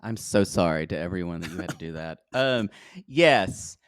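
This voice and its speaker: A man co-hosting a casual podcast, blunt and quick to laugh and swear. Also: deep voice, animated, smooth, no echo, clean studio sound. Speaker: podcast co-host.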